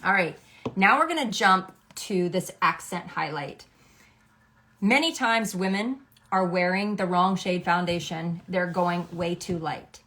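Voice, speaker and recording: A woman's voice: fairly low pitch, a little slow, bright, forceful tone. A middle-aged woman, a makeup artist, explaining a makeup routine step by step in a chatty, instructive way, often checking in with "okay?". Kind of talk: makeup tutorial.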